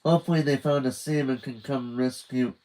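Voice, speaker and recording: A man's voice: medium pitch, fairly even intonation, brisk, dark tone, natural voice, low-quality recording. A man voicing a young spy boy who talks in an exasperated, wry way. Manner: exasperated, sarcastic.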